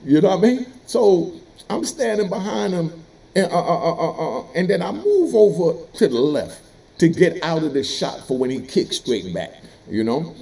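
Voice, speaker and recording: Animated streetwise man, gravelly voice. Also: fairly high pitch, normal speed. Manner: animated, streetwise, laughs while telling. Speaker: former prisoner telling stories. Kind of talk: casual storytelling monologue.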